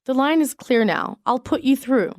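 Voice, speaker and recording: Woman reading English practice sentences, measured. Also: high voice, expressive, darkish tone, no room sound, studio quality. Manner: measured, evenly paced reading of isolated sentences. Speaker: English lesson reader.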